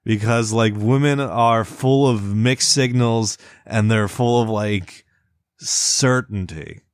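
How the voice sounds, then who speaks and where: A man co-hosting a casual podcast, talking in a halting, self-interrupting way and complaining as he stumbles through a transcript. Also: lowish voice, clean tone, dry recording, clean studio sound. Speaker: podcast co-host. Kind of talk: casual podcast banter, reading a transcript aloud.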